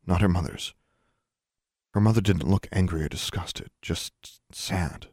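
A man reads a novel aloud in a measured, even storytelling way, his voice sitting deep in the low range. The sound is dry and close, with no room echo at all. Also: breathy edge. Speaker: narrator. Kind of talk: audiobook narration.

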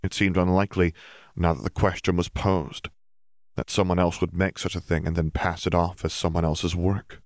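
A man narrating a fantasy story in a steady, even reading. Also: deep voice, normal speed, no room sound, studio quality. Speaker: audiobook narrator. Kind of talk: fan fiction audiobook reading.

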